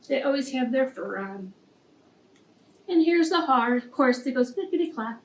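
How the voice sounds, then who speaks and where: A woman reading a picture book aloud to young children, gently explaining words as she goes. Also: sits high, animated, measured pace. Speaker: preschool teacher. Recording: echoey room, distant mic, faint noise.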